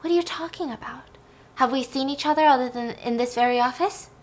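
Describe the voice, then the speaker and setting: A woman's voice: high-pitched, brisk, voice pushed up. A woman voicing a cold, condescending female psychiatrist who taunts and belittles. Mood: coolly clinical. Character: cold, mocking female psychiatrist, middle-aged.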